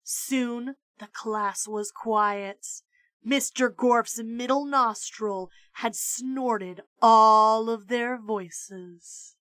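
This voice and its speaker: Bright, slow-paced woman reading aloud. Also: no echo. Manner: animated, jumps into high character voices. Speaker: streamer reading a children's book. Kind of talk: expressive read-aloud storytelling.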